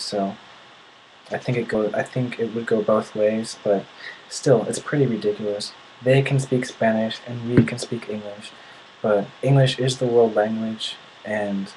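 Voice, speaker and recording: A man's voice: on the low side, slight background noise, low-quality recording. A young man from the United States venting in a casual video. He sounds indignant and often restarts his sentences. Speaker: vlogger.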